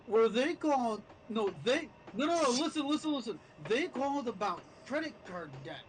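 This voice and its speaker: An eager man with a high voice jumps in over others, pushing to tell his story. It is a faint, slightly hissy voice chat line. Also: lively intonation, normal speed, rough recording. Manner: eager, interrupting, insists on telling his story.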